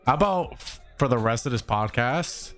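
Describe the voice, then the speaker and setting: A man co-hosting a loose group chat, teasing and nudging the others along. His pitch jumps around a lot. Faint music runs underneath. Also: animated, normal speed, a bit bright. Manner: teasing, pushy. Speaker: podcast co-host.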